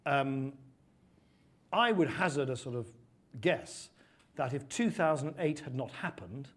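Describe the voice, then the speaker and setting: A middle-aged British man from the United Kingdom, a former politician appearing as a guest speaker, earnestly answers interview questions and tells stories with animation. His British English voice is medium-pitched and lively in intonation, with a measured pace and a breathy edge.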